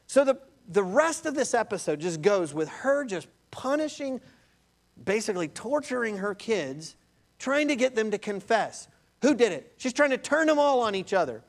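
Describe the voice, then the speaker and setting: Male pastor with a high, lively sermon delivery and a storyteller's energy. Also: normal speed. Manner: animated storytelling, addresses listeners as beloved.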